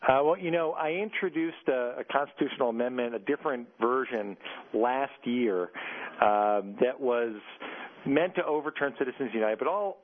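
A man talks over a thin, phone-like line, his pitch sitting in the middle. He answers as a congressman, earnest and halting, often restarting his sentences. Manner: hesitant, many restarts, earnest. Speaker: congressman guest. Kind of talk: radio interview answers.

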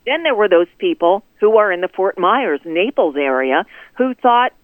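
Woman caller from Florida, sarcastic and lively, dry tinny phone sound. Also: mid-range voice, normal speed, no echo. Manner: sarcastic, animated storytelling. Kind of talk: casual political phone chat.

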